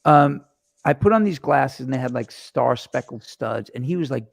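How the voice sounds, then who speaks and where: Man, host, gravelly voice, dry close sound, rambling storytelling, swears freely. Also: mid-range voice, moderate pace, no echo. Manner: animated, rambling, profane storyteller. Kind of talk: casual chat. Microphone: webcam or phone camera mic.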